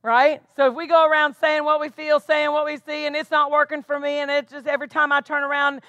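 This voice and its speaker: A woman's voice: high voice, level tone, fairly quick, bright, forceful tone, no room sound. A woman pastor preaching a sermon with emphatic delivery, tossing questions back to the congregation. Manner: emphatic preaching with call-and-response asides.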